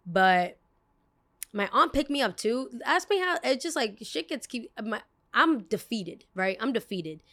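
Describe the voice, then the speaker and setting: A woman hosting a podcast, telling a story in a rambling, expressive way and swearing casually. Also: on the high side, a little slow. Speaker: podcast host.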